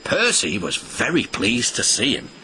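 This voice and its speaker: A man narrating a children's storybook in an expressive, sing-song way. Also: medium pitch, measured pace, a little hiss or hum. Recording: music behind the voice.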